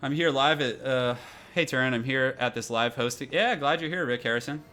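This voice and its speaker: A young man casually chatting through a live gaming stream, reading out viewer messages in a relaxed, rambling way at a desk microphone. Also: mid-range voice, fairly quick, faint music behind. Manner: relaxed, chatty, reads chat aloud.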